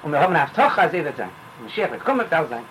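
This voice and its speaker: A rabbi leads an informal Torah class, rambling animatedly from parable to parable and sprinkling in Yiddish phrases. His fairly high voice rushes along with wide pitch swings, over a faint hiss on a rough recording.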